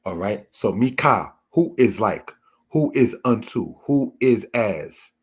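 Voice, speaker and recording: A man teaching a Torah lesson, explaining word meanings in a measured way and addressing his listeners as brothers and sisters. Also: fairly low pitch, lively intonation, slightly rough. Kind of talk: slow spoken Bible lesson.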